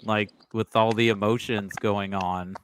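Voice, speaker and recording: A man's voice: on the low side, steady tone, unhurried. A man talking casually and eagerly about a film soundtrack on a podcast. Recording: faint background noise.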